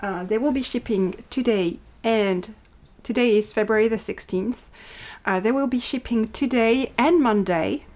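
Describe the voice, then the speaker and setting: A French woman with a French accent, hosting her own podcast in casual chat and talking quickly with many fillers. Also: a little high, a little mellow. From France. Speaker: podcast host and indie yarn dyer.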